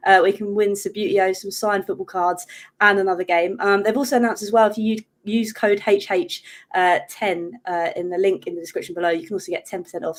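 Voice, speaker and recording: A woman hosting a live football fan show in an upbeat, chatty way. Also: mid-range voice. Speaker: host.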